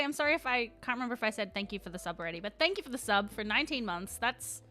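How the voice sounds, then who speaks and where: Chatty woman with a lively, bright voice. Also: on the high side. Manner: chatty, thinks aloud, often unsure. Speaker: livestream host. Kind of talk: casual livestream chat.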